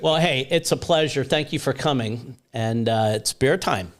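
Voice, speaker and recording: A man hosts a relaxed chat podcast in a middle-pitched voice. He talks in an easygoing way and slips in jokes. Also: moderate pace. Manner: easygoing, joking. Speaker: podcast host. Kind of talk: casual chat.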